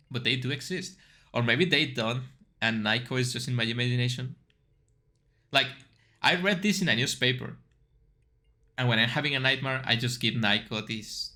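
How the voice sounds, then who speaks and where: A man's voice: mid-range voice, sharp tone, a little hiss or hum. A man streaming a game, reading its text aloud and chatting between reactions. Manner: reads aloud, then chats and reacts with yelps.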